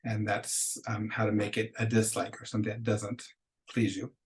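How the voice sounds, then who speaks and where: A man's voice: fairly low pitch, monotone, normal speed, low-quality recording. A man teaching a beginner Spanish class, patiently explaining grammar step by step and modeling phrases for the class to repeat. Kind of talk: recorded classroom lecture.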